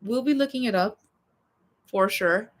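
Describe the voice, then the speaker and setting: A young woman hosting a casual livestream, chatting in a rambling, expressive way with lots of fillers. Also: medium pitch, unhurried. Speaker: livestream host.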